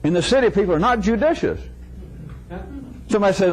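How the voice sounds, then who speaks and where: A man's voice: high-pitched, lively intonation, fairly quick, pauses often, crowd noise, rough recording. A man giving an informal philosophical lecture to a live audience, wry and chuckling, acting out little dialogues in shifting voices.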